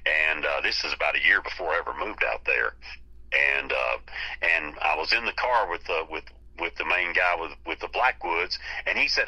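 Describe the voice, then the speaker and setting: A man's voice: very deep voice, moderate pace, sharp tone, slightly rough, rough recording. A man of around sixty from North Carolina, a singer guesting on a radio interview, telling laid-back stories and laughing easily. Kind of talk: casual radio interview chat.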